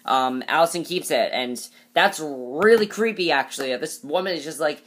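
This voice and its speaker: A man's voice: mid-range voice, a little slow, few pauses, fairly bright tone. A man recapping a TV episode in a casual, chatty way, with many fillers and restarts and emphatic opinions. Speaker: TV episode reviewer.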